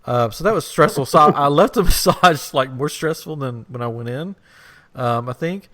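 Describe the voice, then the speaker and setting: A man's voice: fairly high pitch, normal speed, pushed and bright. A man hosting a podcast, telling a rambling funny story in a casual chat and laughing as he goes. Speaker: podcast host.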